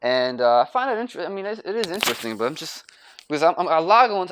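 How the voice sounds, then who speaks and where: A man's voice: fairly high pitch, big pitch swings, quick pace, a bit bright, a little hiss or hum. Rambling, profane young man ranting. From United States. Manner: rambling and repetitive, profane, restarts often. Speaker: vlogger. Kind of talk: grumpy rant to camera.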